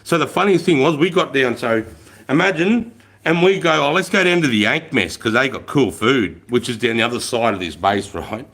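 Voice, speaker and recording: A man's voice: mid-range voice, lively intonation, moderate pace, fairly bright tone. A middle-aged Australian man telling war stories on a livestream, swearing often and laughing as he goes. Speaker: livestream host, army veteran. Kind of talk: casual storytelling on a livestream.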